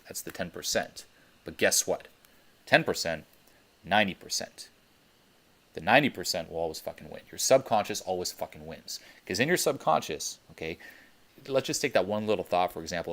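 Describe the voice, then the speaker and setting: A man's voice: low-pitched, big pitch swings, normal speed, a bit bright. A young man coaching on a teleconference, talking bluntly with plenty of swearing and emphatic repetition. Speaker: dating coach.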